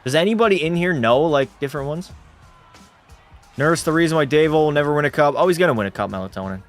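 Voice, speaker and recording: A man's voice: fairly high pitch, expressive, quick pace, soft background music. A man hosting a livestream watch party, giving casual commentary and joking, swearing, and bantering with his chat. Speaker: livestream host.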